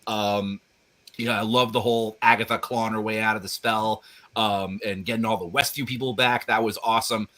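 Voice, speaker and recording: Man, co-host, hesitant casual chat, bright tense voice. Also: lowish voice, steady tone, a little fast. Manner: hesitant, many ums and restarts.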